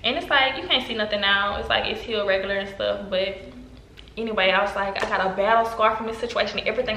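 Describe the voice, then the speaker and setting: Fast, bright-voiced woman telling a story. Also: slight background noise. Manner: animated storytelling, acting out quotes with big pitch jumps. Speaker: vlogger. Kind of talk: storytime vlog. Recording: roomy echo.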